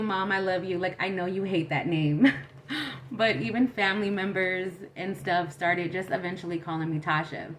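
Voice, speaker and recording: A young adult woman vlogger telling a story in casual chat, animated, acting out quotes and saying "like" a lot. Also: on the low side, a little hiss or hum. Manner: animated, acts out quotes, says "like" often.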